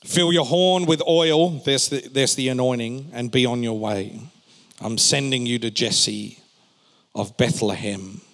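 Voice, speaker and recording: A male pastor preaching a sermon, swinging between emphatic raised phrases and quiet, joking asides to the congregation. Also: mid-range voice, unhurried. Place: church hall. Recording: long reverb of a large hall.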